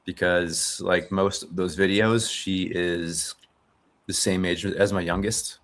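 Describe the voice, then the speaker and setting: Podcast host, thirties man, deep voice, rambly reflective chat. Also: fairly even intonation, takes it slowly, fairly bright tone. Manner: rambling, many fillers and restarts, reflective. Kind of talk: casual chat.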